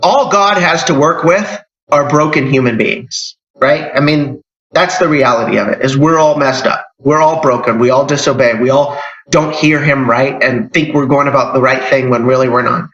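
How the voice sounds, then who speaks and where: A man's voice: medium pitch, moderate pace, a bit bright. A man, a church elder, giving an informal sermon in a conversational way, with emphatic rises and restarts. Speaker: church elder teaching a Bible lesson. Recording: echoey church hall, dull lo-fi sound.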